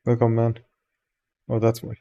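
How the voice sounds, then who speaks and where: A man's voice: medium pitch, monotone, moderate pace, warm tone, highs cut off. A man with a Persian accent, a native Farsi speaker, streaming live and casually greeting viewers by name, loose and joking with some swearing.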